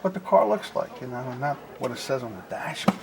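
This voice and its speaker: A man's voice: medium pitch, lively intonation, quick pace, gravelly, noisy background. Pushy, stammering guy working an angle , a man in the role. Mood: wheedling. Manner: hesitant, wheedling, full of fillers. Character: pushy male car owner seeking a favor.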